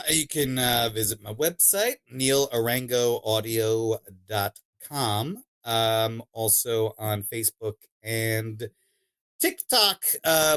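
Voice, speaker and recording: A man in a casual interview, talking about his narration work in an animated, giggly way with plenty of fillers. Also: medium pitch, no echo. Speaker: guest, audiobook narrator.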